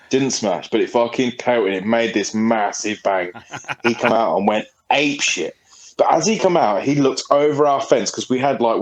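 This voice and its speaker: A man's voice: on the low side, low-quality recording. Man, podcast co-host, casual chat, rambling, swearing. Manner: rambling, sweary, laughing often.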